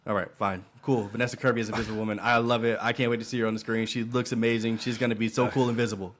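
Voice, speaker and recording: A man's voice: on the low side, flat delivery, rapid-fire, a little hiss or hum. A man co-hosting a casual pop-culture podcast, blunt and teasing in his remarks. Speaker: podcast co-host.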